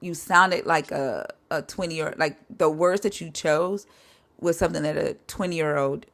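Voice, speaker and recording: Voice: mid-range voice, normal speed, creaky, fairly bright tone. A live-stream host debating a caller, asking blunt, pointed questions and pushing back hard.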